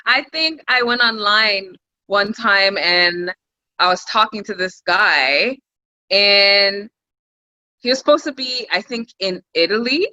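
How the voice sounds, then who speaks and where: A woman's voice: mid-range voice, slow, bright, forceful tone, no echo, poor audio. A woman on a casual talk show, telling a story and acting out both sides of the conversation. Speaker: guest. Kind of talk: casual chat.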